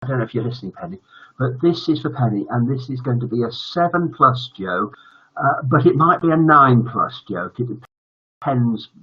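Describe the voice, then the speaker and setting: Older northern English man, jokey stream host, husky, lo-fi muffled audio. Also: mid-range voice, lively intonation, moderate pace. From northern England. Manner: jokey, greets viewers by name. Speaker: host of a live family stream. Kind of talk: casual live-stream chat.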